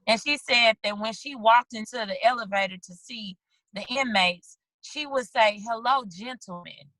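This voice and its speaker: Bright-voiced woman on a video call. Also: fairly high pitch, normal speed, no echo, poor audio. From St. Louis, USA. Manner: animated storytelling, acts out little quoted lines. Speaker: guest, children's book author. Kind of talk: casual video-call interview.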